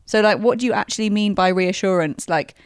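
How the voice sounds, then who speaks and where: A woman's voice: medium pitch, a little fast, clean tone, no room sound. Young woman, podcast co-host, wry opinionated chat, dry close recording. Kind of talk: casual chat.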